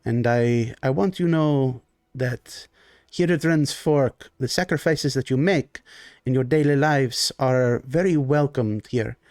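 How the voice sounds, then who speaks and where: A man's voice: mid-range voice, slow, darkish tone, no room sound, clean studio sound. A man voicing a gracious, refined male baron who hosts guests courteously, speaking formally and often ending with "eh?". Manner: formal, polite, ends lines with "eh?".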